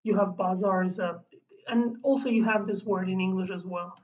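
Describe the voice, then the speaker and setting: Woman teaching, halting. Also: mid-range voice, steady tone, slight background noise. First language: Kurdish. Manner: halting, searching for words, frequent restarts. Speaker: language teacher. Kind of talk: explaining vocabulary in a lesson. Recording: distant mic, dull lo-fi sound.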